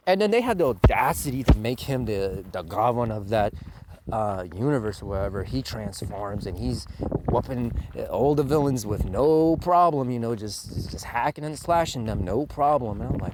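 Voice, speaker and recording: A man ranting in a casual video review, profane and mocking, breaking into high mocking quotes. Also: animated, normal speed, noisy background. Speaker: show reviewer.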